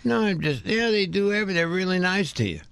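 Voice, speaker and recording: A man's voice: high voice, big pitch swings, quick pace, creaky, a bit bright, clean tone, no echo, clean studio sound. A middle-aged man, a radio host, chatting casually and reminiscing with his co-host. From United States. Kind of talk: casual chat.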